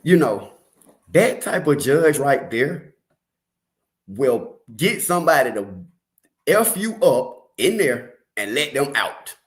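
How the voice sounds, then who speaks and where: A man's voice: medium pitch, sing-song, slow pace. A man with a Detroit accent giving casual, slangy commentary on a true crime case, with laughing asides.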